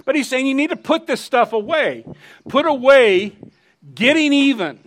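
A man's voice: high voice, animated, unhurried, a bit bright. A middle-aged man preaching a sermon, conversational and emphatic, telling personal stories. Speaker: pastor.

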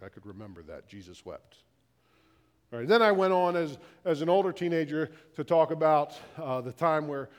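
A middle-aged male pastor preaching a sermon, repeating questions in a slow, building list and dropping low and quiet when he quotes scripture. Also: big-room sound.

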